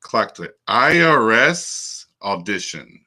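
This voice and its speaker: A man's voice: fairly low pitch, sing-song, pushed and bright, slightly rough. A middle-aged man hosting a casual chat while solving a crossword, joking and musing. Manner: joking, slow and musing, breaks into silly voices. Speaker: podcast host.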